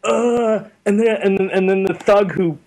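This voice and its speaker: Animated young man rambling through a story. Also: high voice, normal speed, poor audio. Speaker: interview guest. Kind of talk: casual chat.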